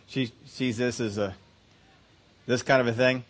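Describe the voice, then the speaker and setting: A man's voice: mid-range voice, steady tone, unhurried, pauses often. A man preaching a sermon. He talks conversationally, laughs easily and acts out little scenes. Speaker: pastor.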